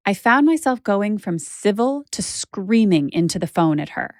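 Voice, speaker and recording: A woman's voice: lowish voice, big pitch swings, measured pace, dry recording, studio quality. A woman journalist hosting a podcast, narrating her own story in a candid, conversational way with casual fillers.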